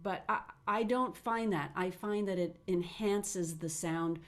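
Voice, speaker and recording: Animated woman voice teacher. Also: lowish voice, a little slow. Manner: animated, demonstrates sounds with her own voice. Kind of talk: webinar teaching.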